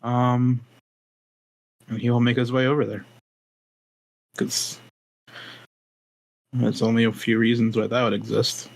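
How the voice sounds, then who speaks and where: Gravelly, flat-voiced man playing a tabletop game. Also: medium pitch, unhurried, pauses often, no echo. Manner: flat, hesitant, with many fillers. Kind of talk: describing his character's actions in a tabletop game.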